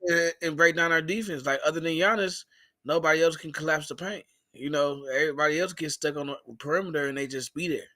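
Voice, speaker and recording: A man's voice: a little high, quick pace, sharp tone, no echo, clean studio sound. A man calling into a fan stream, rambling through frustrated casual sports talk.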